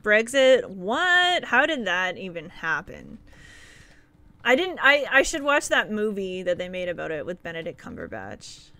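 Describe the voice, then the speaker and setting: A woman's voice: fairly low pitch, sing-song, normal speed, pushed and bright, no room sound. A woman streaming a game live, chatting casually and giggling with her viewers.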